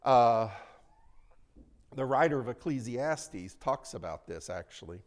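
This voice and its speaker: A man preaching a conversational sermon to a congregation in a church, swinging between loud emphasis and soft asides. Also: medium pitch, expressive, unhurried.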